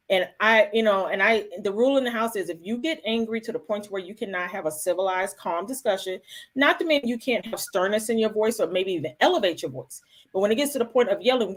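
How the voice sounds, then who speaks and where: A middle-aged woman speaking in a relaxed conversational way. She is calm and reflective, earnest, and often restarts her sentences as she thinks aloud. Her voice sits at an ordinary pitch for a woman. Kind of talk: casual conversation.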